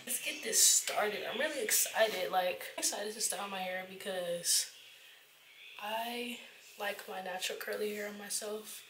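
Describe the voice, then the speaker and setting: A woman's voice: mid-range voice, measured pace. Chatty young woman vlogging over noise. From Atlanta, Georgia. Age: 20s. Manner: chatty, upbeat, loose slang. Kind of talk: casual vlog chat.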